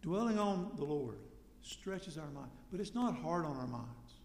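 A man preaching a sermon in a conversational way, asking rhetorical questions and suddenly getting loud for emphasis. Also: fairly high pitch, animated, unhurried, slight background noise. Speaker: pastor. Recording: echoey hall with long reverb.

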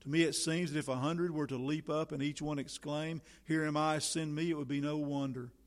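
A man's voice: fairly high pitch, fairly even intonation, a little fast. A man preaching a sermon in solemn, old-fashioned biblical language, building to fervent appeals. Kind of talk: sermon reading.

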